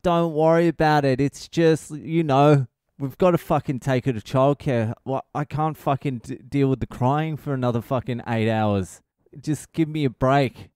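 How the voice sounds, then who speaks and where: A man's voice: mid-range voice, mellow, clean tone, no room sound, clean studio sound. A middle-aged man, a comedian hosting his own podcast, rambling through a casual comedic monologue and swearing constantly.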